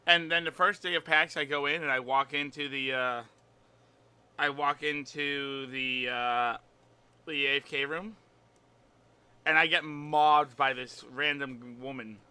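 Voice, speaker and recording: A man's voice: fairly high pitch, fairly even intonation, unhurried, pushed and bright, clear, resonant tone. A man in casual chat at a tabletop game, telling a rambling story with restarts.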